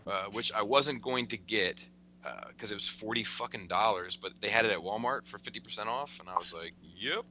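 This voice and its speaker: A man's voice: fairly low pitch, brisk, sharp tone, a little hiss or hum. A man co-hosting a casual toy-collecting podcast, rambling with many fillers, restarts and curses. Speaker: podcast co-host. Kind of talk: casual chat.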